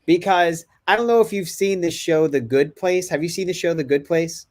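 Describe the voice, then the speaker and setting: A man hosting a casual podcast chat, telling a family story with lively acted-out bits. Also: fairly high pitch. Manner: animated storytelling, quick bursts.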